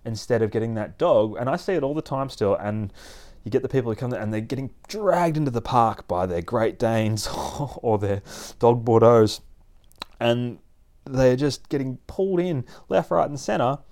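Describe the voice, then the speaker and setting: A man explaining dog training in a casual, animated way, often laughing and acting out his dog. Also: mid-range voice, moderate pace. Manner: animated, acts out dogs and people in playful voices, laughs often. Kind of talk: casual instructional talk.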